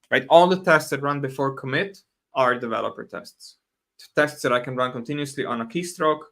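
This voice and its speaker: A man's voice: mid-range voice, bright, forceful tone. Casual man explaining with many restarts. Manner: casual, self-correcting, laughs often, answers chat questions. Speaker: host. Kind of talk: live stream talk on software testing.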